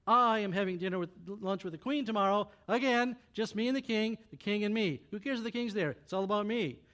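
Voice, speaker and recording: A man's voice: sits high, a little fast, fairly bright tone. A man doing a pompous, boastful royal official. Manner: pompous, self-important.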